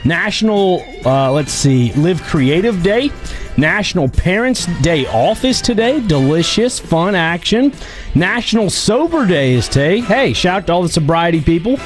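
Radio guy reading off today's national days, kinda high voice, offhand, music in back. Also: big pitch swings, moderate pace. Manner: reading offhand with asides and fillers. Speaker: radio co-host.

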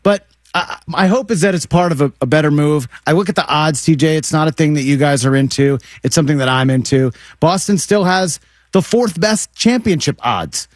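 Higher-pitched man rambling on a sports show. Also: normal speed, no echo, studio quality. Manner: rambling, self-deprecating, stammers and restarts. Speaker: sports talk co-host. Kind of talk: casual sports chat.

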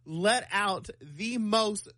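A young man on a radio show spins an embarrassing story with self-mocking energy. His voice sits high and bright and leaps up and down as he talks. The sound is close and dry. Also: no room sound. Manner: animated, self-mocking, quick bursts. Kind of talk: casual morning-show storytelling.

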